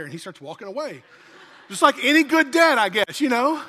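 A man's voice: extremely high pitch, very animated, brisk, bright, forceful tone. A man preaching a sermon in a church, telling a folksy story. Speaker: pastor. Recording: long church-hall reverb.

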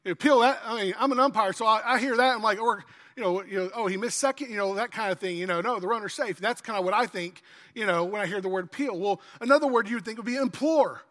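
High-voiced preacher in a reverberant hall. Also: male voice, fast, pushed and bright. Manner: conversational preaching, acts out kids' pleading voices. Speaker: pastor. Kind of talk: sermon. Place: church sanctuary.

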